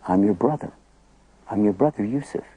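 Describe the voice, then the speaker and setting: A man voicing a dignified ruler who speaks quietly and in confidence. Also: fairly low pitch, animated, moderate pace, slightly rough, no echo, pitched below the performer's own voice, poor audio. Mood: confiding. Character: dignified ruler revealing himself to his brother.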